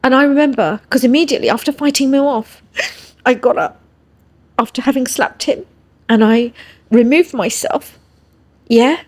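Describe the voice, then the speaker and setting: A high-pitched woman with an English accent tells a personal story as a podcast guest, at normal speed but with long pauses. Her voice is a little mellow, and she earnestly checks in with her listener using "yeah?"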